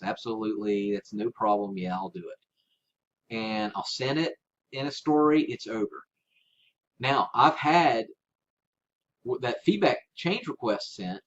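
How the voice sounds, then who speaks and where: Male seller-coach, mid-pitched and chatty, informal how-to delivery, slightly dull lo-fi audio with a faint hiss. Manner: informal and coaching, often checks in with "right?". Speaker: online seller giving a tutorial. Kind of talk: casual spoken how-to tutorial.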